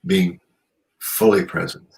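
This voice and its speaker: A man's voice: slow pace, darkish tone, poor audio. A man hosting a radio show, chatting in a rambling, reflective way with many "you know"s. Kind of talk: casual chat.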